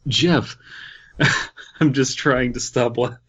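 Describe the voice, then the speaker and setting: A man's voice: medium pitch, fairly even intonation, extremely slow, a bit bright, husky, dull audio. A man co-hosting a comedy podcast, reading fanfiction aloud and breaking into laughter mid-sentence.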